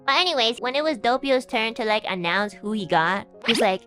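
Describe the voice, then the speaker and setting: A woman's voice: fairly high pitch, lively intonation, fairly quick, pushed and bright, faint music behind. A young woman streamer chatting casually and animatedly, laughing and swearing as she talks. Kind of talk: casual chat.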